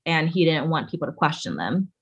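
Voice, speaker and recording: A woman's voice: deep voice, big pitch swings, fairly quick, gravelly, husky, muffled recording. A woman co-hosting a casual chat, talking indignantly with lots of fillers and swearing. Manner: indignant, profane, filler-heavy talk.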